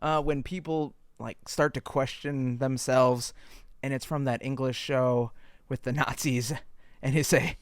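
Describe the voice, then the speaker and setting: A man's voice: mid-range voice, fairly even intonation, a little slow, no room sound. Wisecracking man on a dry podcast mic. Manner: wisecracking, sarcastic quips. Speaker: podcast co-host. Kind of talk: casual comedic podcast chat.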